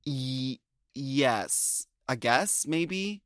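A man's voice: medium pitch, animated, drawn-out words, a bit bright, dry recording, studio quality. A man co-hosting a podcast in casual chat, rambling with lots of fillers and breaking into laughs often. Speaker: podcast co-host.

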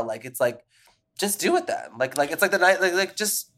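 Animated man chatting with many restarts. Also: a little high. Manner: animated, fast, full of restarts and fillers. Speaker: podcast guest, drag performer. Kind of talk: casual chat.

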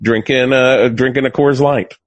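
A man on the crew chats casually and tells a laid-back, chuckling anecdote. His voice sits at an ordinary pitch. He is recorded dry, with no room sound. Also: steady tone, normal speed, no room sound, highs cut off. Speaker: show crew member. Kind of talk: casual chat.

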